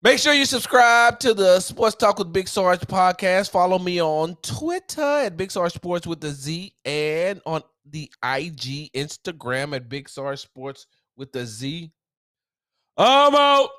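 A man's voice: sits high, lively intonation, a little slow, few pauses, a bit bright. A man hosting a solo sports podcast, ranting in a heated, emphatic way with casual slang.

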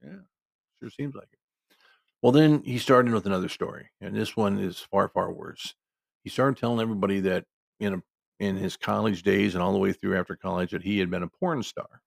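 Gravelly older man telling a story. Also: low voice, steady tone, brisk, no echo, clean studio sound. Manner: emphatic, conversational, digressive. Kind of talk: casual spoken storytelling.

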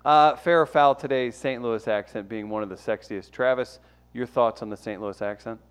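A man's voice: medium pitch, moderate pace, smooth. A man hosting a comedic talk show, upbeat as he leads the segments. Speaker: show host.

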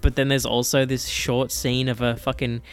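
A man in a casual chat, rambling and profane, with animated quick impressions. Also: medium pitch, clear, resonant tone.

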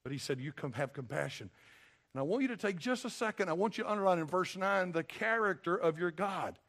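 An older pastor preaches a sermon in a church sanctuary, his folksy, emphatic delivery repeatedly calling on the congregation to respond. He speaks briskly and animatedly in a high-pitched, somewhat bright voice.

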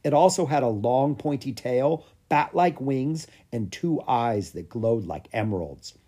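Husky-voiced man reading a children's story. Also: medium pitch, unhurried. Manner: lively storytelling. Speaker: audiobook reader. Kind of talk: scripted narration of a children's book.

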